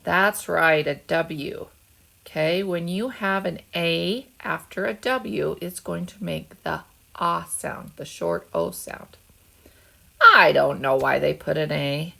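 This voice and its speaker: A woman teacher with a deep, expressive, creaky voice that sounds pushed and bright gives second graders a phonics lesson from home. She is slow and patient, asking the children to echo words back.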